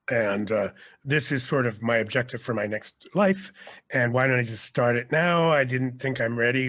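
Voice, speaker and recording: Casual male guest, chatty storyteller, middle-pitched everyday voice. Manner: rambling storyteller, lively, often restarts. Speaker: guest, actor and teacher. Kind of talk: casual podcast interview.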